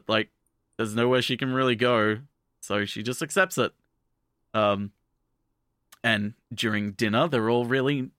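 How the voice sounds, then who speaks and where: A man's voice: mid-range voice, fairly bright tone, no room sound, clean studio sound. A man co-hosting a podcast, retelling an anime episode in a rambling, profane, casual way. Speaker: podcast co-host.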